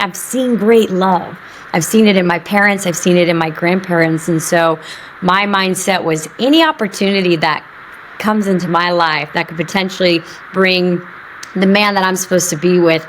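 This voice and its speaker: A woman's voice: on the low side, normal speed, slight background noise, low-quality recording. A woman who is a guest on a podcast, speaking earnestly and optimistically in casual chat.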